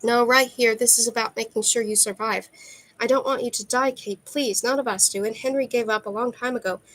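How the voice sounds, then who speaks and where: A woman's voice: a little high, fairly even intonation, a little fast, a bit bright, poor audio. A woman voicing an earnest young male god who pleads urgently in a read-aloud novel. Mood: pleading.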